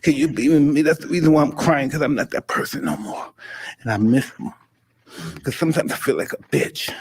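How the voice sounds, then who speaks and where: A man in his fifties talking intensely and emotionally, profane and halting, in a casual conversation. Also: medium pitch, husky. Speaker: podcast host.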